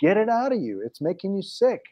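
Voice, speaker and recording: A man voicing God as a calm, blunt, unshockable male figure who coaxes and talks casually, in a dull lo-fi recording. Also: high-pitched, brisk, pitched above the performer's own voice. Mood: coaxing.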